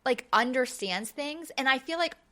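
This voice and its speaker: A woman's voice: sits high, moderate pace. A woman in her thirties co-hosting a casual podcast chat, telling stories with acted-out voices and casual swearing. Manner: animated storyteller, acts out voices, swears casually. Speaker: podcast co-host. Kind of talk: casual chat recapping a reality show.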